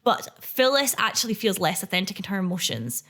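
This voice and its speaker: A woman, co-hosting a podcast and recapping a TV episode in casual chat, playful and quick to laugh. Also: mid-range voice, sing-song, a bit bright. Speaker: podcast co-host.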